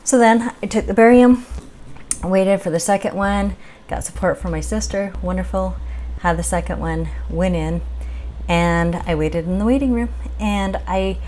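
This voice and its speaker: A woman's voice: medium pitch, a little slow, a little mellow, a little hiss or hum. Chatty upbeat woman vlogger. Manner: chatty, upbeat storytelling with laughs. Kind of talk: casual chat.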